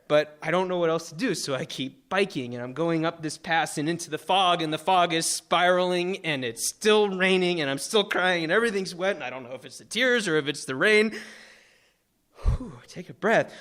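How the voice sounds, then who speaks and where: Man, young adult, from Florida, live storytelling, emotional, filler-heavy, high-pitched, bright. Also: moderate pace. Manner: emotional, animated, filler-heavy with many likes. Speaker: storyteller on stage. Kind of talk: live personal storytelling talk.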